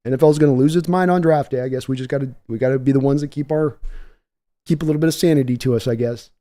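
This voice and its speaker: An excitable, chatty man hosts a live draft stream, thinking out loud and thanking viewers as he goes. His voice is dark and mellow, sitting at an ordinary middle pitch. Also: rapid-fire. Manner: excitable, chatty, reads donations aloud. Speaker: livestream draft host.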